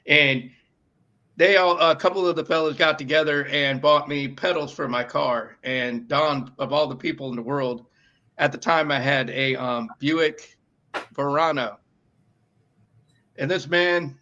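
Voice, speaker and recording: A man's voice: medium pitch, sharp tone. Rambling New York man, dull lo-fi sound. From northeastern United States. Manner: rambling, halting, many restarts and fillers. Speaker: podcast producer and co-host. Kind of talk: casual interview chat.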